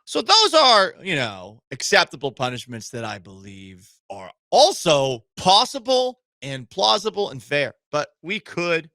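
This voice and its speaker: A man hosting a sports talk radio show, his voice sitting a little high and swinging widely in pitch. He sounds bright and forceful as he rants with sarcastic indignation, jumping between sudden loud outbursts and low muttered asides. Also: big pitch swings, measured pace, hardly any pauses, no echo.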